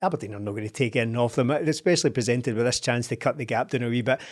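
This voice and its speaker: A man's voice: mid-range voice, very fast. A man in casual football podcast chat, wry and incredulous as he tells stories. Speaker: podcast co-host.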